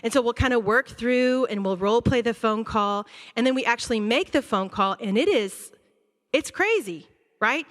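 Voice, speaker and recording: A woman school counselor giving an animated, conversational talk to a church audience, acting out her students' reactions. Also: fairly high pitch, normal speed. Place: church auditorium. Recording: long hall reverb.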